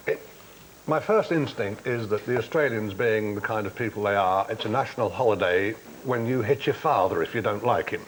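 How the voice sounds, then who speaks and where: A man's voice: medium pitch, a little hiss or hum, rough recording. A man on a TV panel game telling a long, droll, theatrical story. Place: TV studio.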